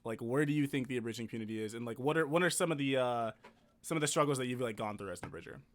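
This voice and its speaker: A man hosting a casual podcast, asking questions excitably with many fillers. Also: medium pitch, racing. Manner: excitable, uses lots of fillers. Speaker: podcast host.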